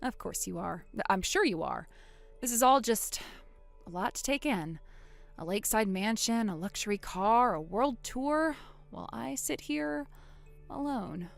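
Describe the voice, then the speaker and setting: A woman voicing a calm, vengeful young woman who coldly springs a trap on her sister in a text-story drama. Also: a little high, measured pace, vocal fry, soft background music. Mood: hurt. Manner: cool, quiet, coldly sarcastic.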